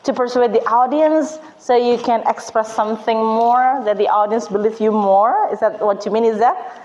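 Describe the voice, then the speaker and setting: A woman's voice: fairly high pitch, moderate pace, darkish tone, poor audio. A woman teaching an English class at a university, asking her students questions and prompting their answers in a classroom.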